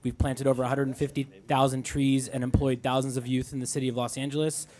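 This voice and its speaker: A man from a tree-planting nonprofit giving an earnest, slightly halting public comment. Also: mid-range voice, flat delivery, background noise. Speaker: nonprofit worker.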